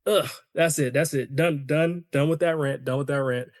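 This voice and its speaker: A fairly high-voiced man delivering animated, opinionated commentary on his own podcast. He talks casually to his listeners, and the sound is dry and close, with no room echo. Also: normal speed. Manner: conversational, addresses listeners as y'all. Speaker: podcast host.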